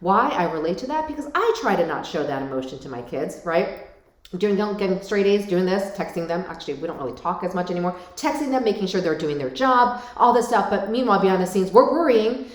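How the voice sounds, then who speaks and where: A middle-aged woman talks to camera in a casual, animated way and keeps checking in with her viewers. Her voice sits at a middle pitch. The room around her is echoey. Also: fairly quick. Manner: animated, addresses viewers directly with frequent "right?". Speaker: parenting vlogger.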